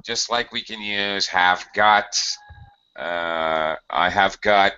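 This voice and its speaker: A low-voiced man teaches English grammar at an unhurried pace, patient and methodical, often pausing on fillers. His tone is bright and forward, and the audio is somewhat dull and lo-fi. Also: clean tone. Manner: slow, patient explaining with many fillers. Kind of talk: online grammar lesson.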